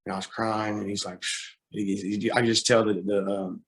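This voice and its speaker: A young man recounts a painful episode from his past as a guest. His voice sits low and moves little in pitch, and he halts, restarts and leans on fillers, sounding shaken and close to tears. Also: little pitch movement. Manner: halting, with many fillers and repeated starts. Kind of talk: personal story in an interview.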